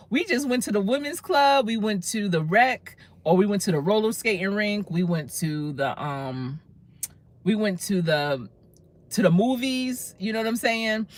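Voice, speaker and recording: Animated woman in her fifties telling stories. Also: fairly low pitch, no room sound. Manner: animated, laughs often. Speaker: career coach. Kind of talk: casual storytelling.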